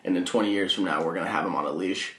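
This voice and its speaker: A man's voice: sits low, racing, crowd noise. A young man hosting a podcast, talking casually with crude jokes and frequent laughter. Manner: crude joking, laughs often. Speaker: podcast host. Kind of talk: casual banter. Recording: echoey room with noise.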